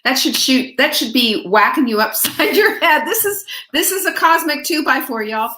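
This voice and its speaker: A woman's voice: high-pitched, lively intonation, moderate pace, echoey room, slight background noise. A middle-aged woman hosting a casual live stream, chatty and greeting viewers by name. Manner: chatty, warm-hearted, greets viewers by name, laughs often. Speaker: livestream host.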